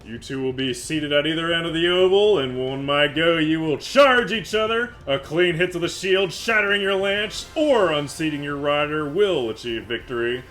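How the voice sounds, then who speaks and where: A man voicing a booming male arena announcer with grand, drawn-out showman calls. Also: animated, fairly bright tone, soft background music. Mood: laying down rules.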